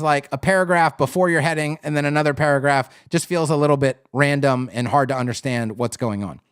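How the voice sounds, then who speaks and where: A man gives a live critique of a website, thinking aloud with casual fillers and quick restarts. His voice is smooth and clear, pitched a little high. The sound is dry and close, with no room echo. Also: fairly bright tone. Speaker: web design instructor.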